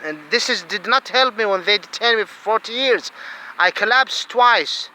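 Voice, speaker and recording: Man, high voice, very bright tense tone, halting speech, faint traffic noise outside. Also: poor audio. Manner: halting, repeats words, many fillers. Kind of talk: personal complaint to camera.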